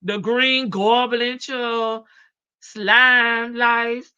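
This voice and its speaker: Sassy bright-voiced woman livestream host. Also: on the high side, expressive, a little slow, muffled recording. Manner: sassy, chatty, laughs often, calls viewers baby. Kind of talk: casual livestream commentary.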